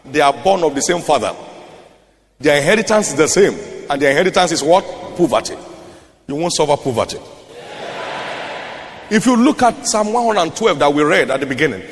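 A man's voice: a little high, expressive, normal speed, long pauses, a little hiss or hum. A man with a Nigerian accent preaching a sermon, reading scripture in a half-sung cadence and repeating key phrases for emphasis. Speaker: pastor. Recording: long hall reverb.

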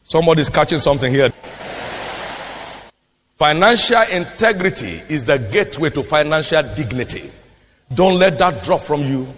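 A man preaches with a high, lively voice that swings widely in pitch. He repeats his lines for emphasis and climbs into shouted declarations. The sound carries a long reverb, as in a large hall. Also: normal speed, long pauses, slight background noise. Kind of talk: sermon.

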